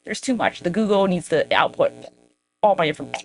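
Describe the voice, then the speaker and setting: A woman's voice: on the low side, expressive, a little fast, faint music behind. A woman hosting her own podcast, rambling in a casual, profane, self-mocking monologue aimed straight at her viewers. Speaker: podcast host.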